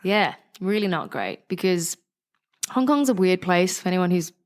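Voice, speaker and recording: A young woman from the West Country of England with a West Country accent, talking candidly as an interview guest, animated and frank, swearing freely. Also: on the low side, moderate pace. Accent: West Country English.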